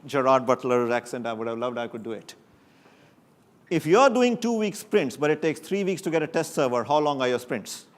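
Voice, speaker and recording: A man presenting at a tech conference, his delivery lively and wry. He keeps punching key phrases upward for emphasis, and his voice sits at an ordinary middle pitch. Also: moderate pace. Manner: lively, joking, with sudden emphatic rises. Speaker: conference speaker. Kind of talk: technical conference talk. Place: conference stage before an audience.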